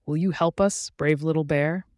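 A man's voice: fairly high pitch, steady tone, moderate pace, a little mellow, no room sound, studio quality, close to an everyday voice. A man voicing a kind, apologetic female queen bee in a bedtime story. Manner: gracious, apologetic.

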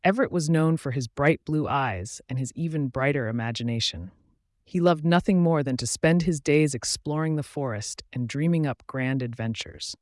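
Guy reading a bedtime story, calm and soothing, kinda high voice, dry close sound. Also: normal speed, no echo.

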